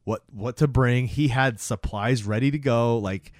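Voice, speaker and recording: A man's voice: medium pitch, a little slow, no echo, clean studio sound. A man hosting a podcast, telling a movie's story in casual chat and acting out scenes as he goes. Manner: animated storyteller who acts out scenes. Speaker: podcast host.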